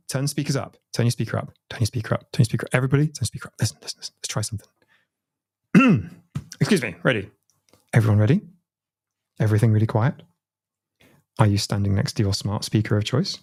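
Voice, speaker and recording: A man's voice: mid-range voice, quick pace, pauses often, darkish tone, husky, no room sound. A British man chatting casually on a livestream from home, rambling and laughing often. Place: at home, watching his stream on a TV.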